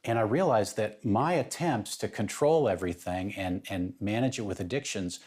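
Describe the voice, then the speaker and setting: A man's voice: on the low side, normal speed, a little mellow, breathy edge. A man speaking as an interview guest, telling a personal story in an emphatic way that builds in intensity.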